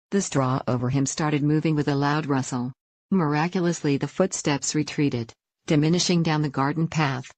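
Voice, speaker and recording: Woman with a low voice reading a story, steady and dry close sound. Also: no room sound. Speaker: narrator. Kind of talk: scripted narration.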